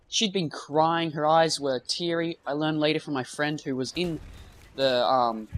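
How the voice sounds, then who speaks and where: A young man telling a rambling school story while commentating on gameplay, full of fillers and asides. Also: on the high side. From half British. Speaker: gaming commentator. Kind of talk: casual storytelling over gameplay.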